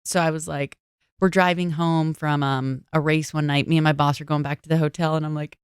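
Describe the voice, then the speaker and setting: A woman's voice: low-pitched, level tone, a little fast, clean tone, no room sound, clean studio sound. A woman guest on an interview podcast, chatting and telling stories, acting out quotes in other voices. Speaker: guest, motorsports broadcaster. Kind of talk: casual interview chat.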